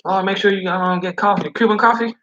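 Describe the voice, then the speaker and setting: Bossy older cafeteria lady, high and insistent, muffled recording; man putting on the voice. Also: fairly even intonation, a little fast, pushed and bright, slight background noise. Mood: coaxing. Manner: insistent, coaxing, scolding. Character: bossy older woman cafeteria cook, motherly.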